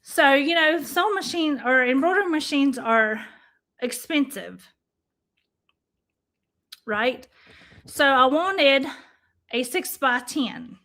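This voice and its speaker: A woman hosting a casual livestream, chatting warmly to her viewers and calling them y'all. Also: high-pitched, expressive, slow pace, long pauses. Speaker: livestream host.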